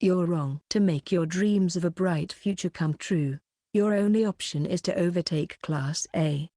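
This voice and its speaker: A woman's voice: on the low side, a little slow, mellow, no echo, studio quality. A woman doing a cold, mocking teacher. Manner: cutting, mocking. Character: stern cold female homeroom teacher.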